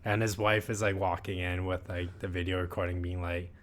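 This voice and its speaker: A man's voice: sits low, flat delivery, brisk, few pauses, fairly bright tone. A man in his thirties co-hosting a podcast in casual chat, rambling and filling his talk with "like". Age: 30s. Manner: rambling, heavy use of filler "like". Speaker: podcast co-host.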